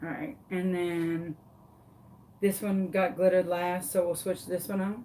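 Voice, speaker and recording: Animated woman telling a story. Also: lowish voice, unhurried, a little hiss or hum. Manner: animated, dramatic storyteller, talks to viewers directly. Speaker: craft tutorial host. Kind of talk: casual storytelling during a craft demo.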